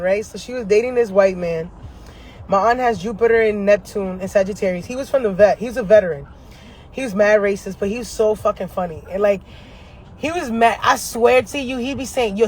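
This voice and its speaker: A man with a high, bright-pitched voice vlogs from the driver's seat of his car. He tells rambling stories in a slangy, profane way and laughs often. A faint hum of vehicles comes through from outside. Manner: animated, profane, slangy storytelling; laughs often between lines. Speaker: astrology vlogger. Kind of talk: casual chat to camera. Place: inside a parked car.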